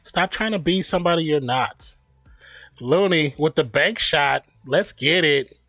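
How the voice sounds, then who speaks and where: An unhurried man with a high-side, bright, forceful voice streams basketball play-by-play to a live watch party. He jokes, shares strong opinions, and laughs at his own comments. The recording is dry, with faint music in the background.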